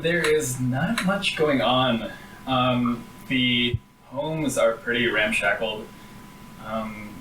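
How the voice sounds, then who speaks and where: A man narrating a tabletop game as game master, in a casual, hesitant way with many pauses and ums. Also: mid-range voice, fairly bright tone, a little hiss or hum. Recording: roomy, far from the mic.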